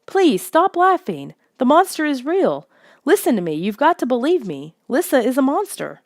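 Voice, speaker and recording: In a clean studio recording with no room sound, a woman pitches her voice above its natural register to play a frightened young child. The tone is a little high and animated at a moderate pace as the kid stammers and pleads loudly, frantic with fear.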